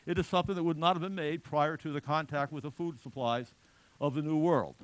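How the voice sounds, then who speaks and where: A man's voice: on the high side, steady tone, brisk, no echo. A middle-aged man giving a public lecture in a chatty, digressive way with joking asides.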